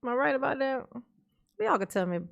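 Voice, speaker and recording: A woman's voice: high-pitched, big pitch swings, fast talker, gravelly, highs cut off. A woman hosting a commentary stream, taunting and mocking in slangy talk, often breaking into laughter. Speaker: commentary host.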